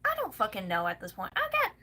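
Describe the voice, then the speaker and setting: A woman's voice: medium pitch, wildly swooping pitch, fast, pushed and bright. A woman with a Southern US accent venting angrily and bluntly to camera, swearing freely. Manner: profane, heated, blunt. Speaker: vlogger. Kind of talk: angry venting rant.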